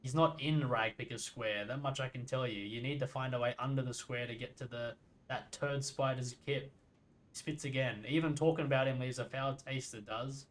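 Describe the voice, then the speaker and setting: A man's voice: mid-range voice, fairly even intonation, normal speed, a bit bright, lightly acted, poor audio. A man reading out a sly grumpy old midwife. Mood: disgusted. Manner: folksy archaic talk, reads lines aloud. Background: game music.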